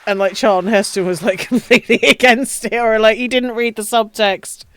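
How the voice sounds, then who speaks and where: A woman's voice: a little high, fairly even intonation, normal speed, a bit bright. A woman streaming a building game, chatting casually, swearing, ranting and laughing often. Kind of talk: casual live-stream chat while playing.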